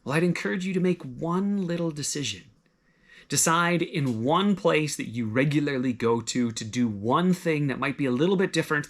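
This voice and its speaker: A man preaching a sermon, conversational and gently encouraging, full of everyday examples. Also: medium pitch. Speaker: pastor.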